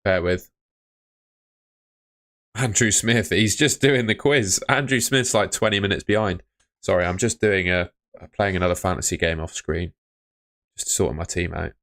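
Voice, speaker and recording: A man's voice: sits low, moderate pace, long pauses, fairly bright tone, no room sound. A young man hosting a live stream, chatting casually and muttering to himself as he sorts things out on his phone. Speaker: livestream host.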